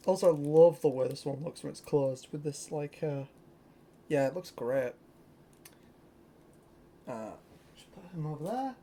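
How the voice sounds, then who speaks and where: Young brit toy collector rambling excitedly on a vlog, soft mellow tone, lots of ums and likes. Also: medium pitch, unhurried, long pauses. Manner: excitable and rambling, with many fillers. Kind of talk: casual show-and-tell vlog.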